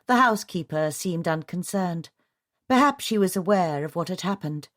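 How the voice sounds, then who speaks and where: Woman, audiobook narrator, low voice, steady reading, dry sound. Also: normal speed, dry recording. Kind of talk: scripted novel narration.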